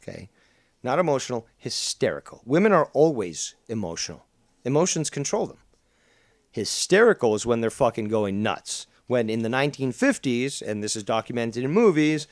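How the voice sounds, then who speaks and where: Smug, swearing man lecturing a panel. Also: medium pitch. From Canada. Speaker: show host. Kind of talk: heated panel argument.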